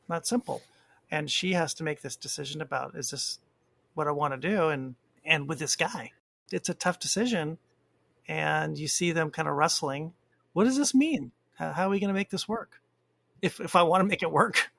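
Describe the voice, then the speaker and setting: Gravelly man in casual podcast chat. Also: a little high, fairly bright tone. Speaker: podcast co-host.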